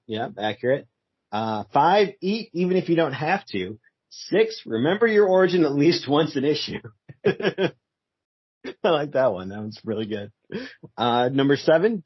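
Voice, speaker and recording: A man's voice: fairly high pitch, expressive, moderate pace, husky, no echo, highs cut off. A man co-hosting a comic podcast in casual chat, laughing often as he reads out the panels. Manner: chuckly, laughs often while reading out panels. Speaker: podcast co-host.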